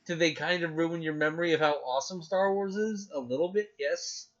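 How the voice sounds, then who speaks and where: A man's voice: on the high side, a little fast. Rambling young man on a lo-fi podcast. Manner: rambling, excitable, lots of fillers. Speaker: podcast co-host. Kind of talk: casual chat. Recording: dull lo-fi sound.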